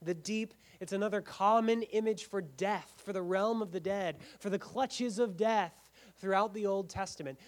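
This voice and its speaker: A man preaching a sermon, building up to forceful emphasis and then dropping to a hush on key words. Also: sits high, moderate pace. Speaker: pastor.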